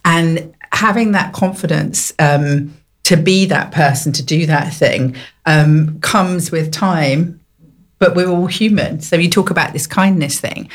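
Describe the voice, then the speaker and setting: A British woman hosting a casual radio chat, speaking in a thoughtful, earnest way. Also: sits low. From Britain. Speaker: radio host.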